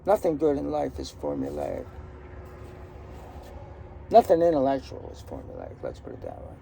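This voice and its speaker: An older man tells life stories in a loose, joking, opinionated ramble. His voice is heavily gravelly and dark in tone. Faint traffic hums in the outdoor background. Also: mid-range voice, huge pitch swings, normal speed. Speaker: storyteller. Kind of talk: casual personal storytelling. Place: outdoors in a garden.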